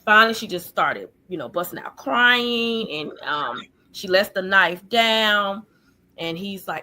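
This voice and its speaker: A woman guest recounting her childhood in an earnest, halting way, full of fillers, over a video call. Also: mid-range voice, lively intonation, sharp tone. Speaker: guest sharing her life story. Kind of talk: personal testimony in an interview.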